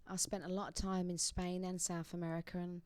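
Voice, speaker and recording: A woman's voice: lowish voice, little pitch movement, fairly quick, a little mellow, no room sound. A young woman from England, a singer guest in a radio studio, chatting casually and laughing often.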